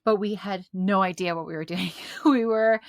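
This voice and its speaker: A woman telling a personal faith story as a podcast guest, animated and laughing often between lines. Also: medium pitch, moderate pace, no echo. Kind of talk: casual faith testimony.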